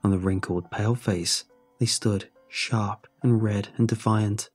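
A man narrates a scripted horror tale in a measured, brooding way. His voice sits low and has a husky grain. Quiet music plays underneath. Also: steady tone.

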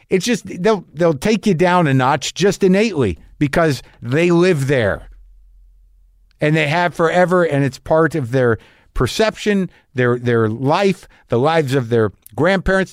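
A man's voice: on the high side, no room sound, clean studio sound. A man musing in a rambling casual monologue, often restarting his sentences and swearing now and then. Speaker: comedian.

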